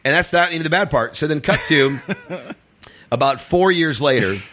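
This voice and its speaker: Bright-voiced man telling rambling stories. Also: on the high side, moderate pace. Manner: loose, rambling, laughs through stories. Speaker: comedian guest. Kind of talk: casual storytelling.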